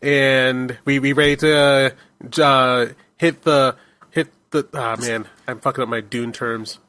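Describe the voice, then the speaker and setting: A man hosting a casual podcast, talking in a relaxed way and stumbling over his words now and then. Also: mid-range voice, a little slow, smooth. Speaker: podcast host. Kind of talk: casual chat.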